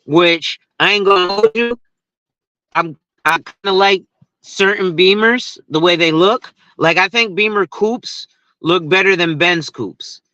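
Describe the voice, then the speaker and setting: A man's voice: high voice, a little slow, pushed and bright, dry recording, lo-fi sound. A man who talks insurance on social media, ranting in a casual, profane and rambling way and laughing at his own stories. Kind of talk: casual rant to camera.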